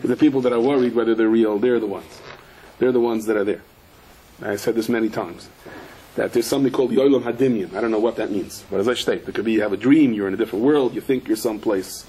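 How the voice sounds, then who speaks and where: Poor audio captures a rabbi with a dark-toned voice moving at a quick pace through a Torah class. He tells his stories with energy, mixes Hebrew and Yiddish vocabulary into them, and lifts his pitch to play the people he's quoting.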